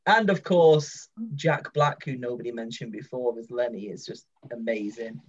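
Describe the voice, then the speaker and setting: Husky man hosting a podcast. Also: mid-range voice, moderate pace. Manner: lively, laughing, leads the turns. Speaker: podcast host. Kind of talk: casual group chat. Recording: dull lo-fi sound.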